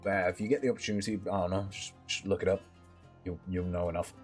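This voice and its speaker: A man's voice: sits low, fairly even intonation, fast talker, soft background music. A young British man streaming a game, chatting casually with friends and bursting into laughter.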